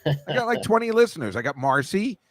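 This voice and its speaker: A man's voice: high voice, sing-song, fast talker, a bit bright, no echo. A middle-aged man hosting a podcast, rambling in casual chat with a jokey, self-deprecating manner. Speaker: podcast host.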